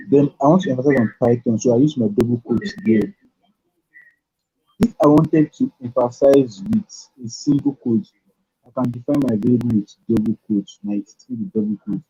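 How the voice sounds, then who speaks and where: A man teaching a live-streamed programming lesson, thinking aloud in halting phrases as he types. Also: medium pitch, dark tone, husky. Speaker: programming tutor. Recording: dull lo-fi stream audio.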